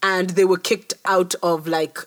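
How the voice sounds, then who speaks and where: A woman's voice: lowish voice, level tone, unhurried, a bit bright. A woman co-hosting a podcast, telling stories in casual chat and laughing often. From Africa. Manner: chatty, storytelling, laughs often. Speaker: podcast co-host.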